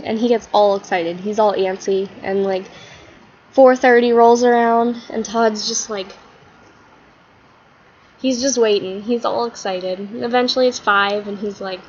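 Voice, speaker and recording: A woman's voice: medium pitch, steady tone, measured pace, a little mellow. Chatty woman rambling through a story. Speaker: vlogger. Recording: slightly muffled with faint hiss.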